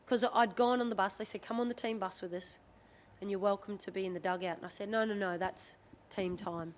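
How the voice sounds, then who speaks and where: Fairly quick and mid-range, this Australian rugby league player in her thirties recounts stories candidly as a podcast guest, bringing in quoted dialogue. A little hiss or hum is audible.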